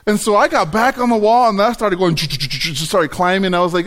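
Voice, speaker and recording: Male pastor, middle-aged, high voice, storytelling sermon delivery with acted-out asides. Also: fairly quick, hardly any pauses, fairly bright tone. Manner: storytelling, acts out his own reactions.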